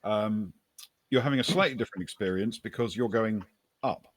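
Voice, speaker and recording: Man, game master, tabletop narration, low voice, dry close sound. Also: no room sound. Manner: descriptive, unhurried narration with many pauses.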